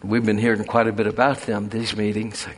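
A man preaching a folksy, animated sermon full of storytelling and chuckles. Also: fairly low pitch, fairly quick.

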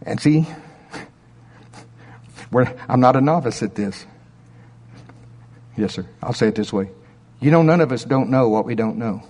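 A man's voice: mid-range voice, animated, unhurried, pauses often, darkish tone, in a large hall. Middle-aged male pastor, mid-range voice, chatty sermon with asides and questions. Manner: conversational storytelling with asides and rhetorical questions.

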